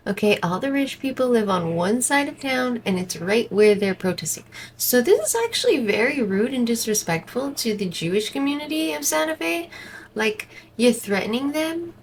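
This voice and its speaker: A woman's voice: a little high, animated, normal speed, slight background noise, rough recording. A woman vlogger giving exasperated, indignant commentary as she reacts to a protest video from home. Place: indoors at home.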